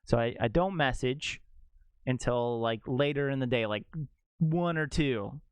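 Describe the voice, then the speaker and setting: Brief: young male game streamer, mid-pitched, smooth and clear, dry close sound, chatty rambling storyteller. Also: unhurried, dry recording. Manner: rambling, animated, heavy use of "like". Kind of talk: casual storytelling chat to stream viewers.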